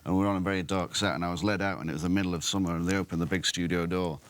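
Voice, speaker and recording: A male actor guest telling an animated story about filming. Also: sits low, racing, dry recording. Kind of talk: anecdotal interview answers.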